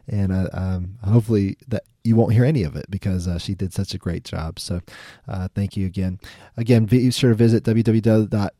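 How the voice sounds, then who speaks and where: Deep, mellow-voiced podcast host. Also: male voice, no room sound, studio quality. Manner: enthusiastic, filler-heavy, laughs often. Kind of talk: podcast intro and interview.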